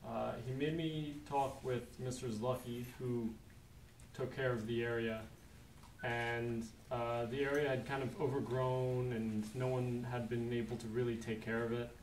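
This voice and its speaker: A man's voice: medium pitch, fairly even intonation, measured pace, slight background noise. A young man, an Eagle Scout honoree, plainly describing his project in a matter-of-fact way. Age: young adult. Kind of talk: prepared public remarks. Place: large public meeting room. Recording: echoey, distant meeting room.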